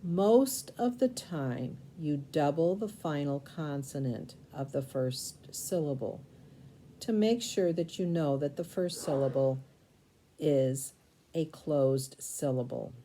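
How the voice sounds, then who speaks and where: A woman teaching a recorded spelling lesson, sounding out syllables slowly and spelling words letter by letter. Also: low-pitched, warm tone, a little hiss or hum.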